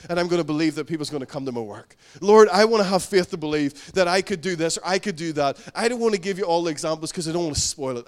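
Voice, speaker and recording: A man preaching a sermon, earnest and building to fervent passages. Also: on the high side. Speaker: pastor.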